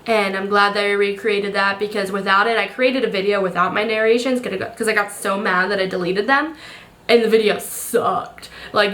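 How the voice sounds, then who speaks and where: A woman's voice: mid-range voice, sharp tone. A young woman narrating her travel vlog in a casual, rambling way, acting out what people said. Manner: chatty, rambling storytelling with quoted voices. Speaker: travel vlogger.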